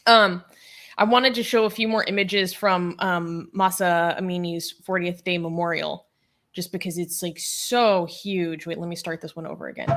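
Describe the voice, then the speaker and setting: A woman's voice: on the low side, fairly even intonation, normal speed, fairly bright tone, a little hiss or hum. A woman co-hosting a livestream in casual chat, enthusiastically showing images and reading out viewer comments, with frequent ums and likes. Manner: enthusiastic, with fillers like um and like. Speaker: co-host of a livestream show.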